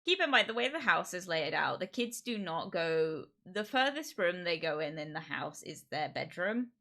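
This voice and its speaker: A woman streamer chatting casually from her home office into a streaming mic, rambling and quick to laugh. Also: lowish voice, very animated, sharp tone. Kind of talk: casual livestream chat. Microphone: streaming microphone.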